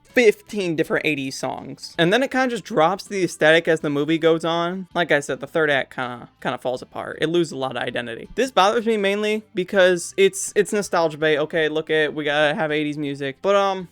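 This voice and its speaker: A man's voice: fairly high pitch, expressive, brisk, fairly bright tone, clear, resonant tone, no echo, faint music behind. A young man giving casual, blunt movie review commentary with a sarcastic edge.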